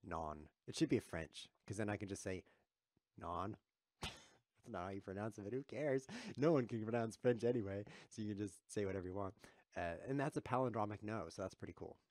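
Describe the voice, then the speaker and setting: A man livestreams his chess games with constant commentary, joking and chuckling as he reads viewers' chat aloud. His fairly low, slightly mellow voice moves briskly, and the sound is dry and close with no room sound.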